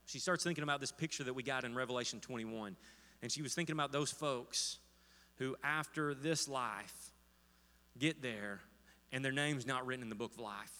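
A man's voice: medium pitch, normal speed, bright, forceful tone. Man preaching in a reverberant church hall. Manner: storytelling with many fillers and restarts. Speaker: pastor. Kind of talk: sermon. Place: church sanctuary.

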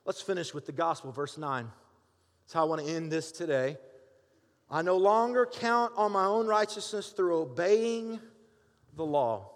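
A middle-aged man preaching a sermon, lively and conversational, calling out for amens from the congregation. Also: fairly high pitch, a little slow. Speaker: pastor. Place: church sanctuary. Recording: long hall reverb.

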